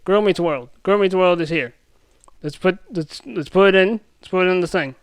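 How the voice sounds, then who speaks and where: A young man rambling through a pop-culture rant as a YouTube commentator, excitable and full of restarts and self-interruptions. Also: high voice, moderate pace, clean tone, no room sound.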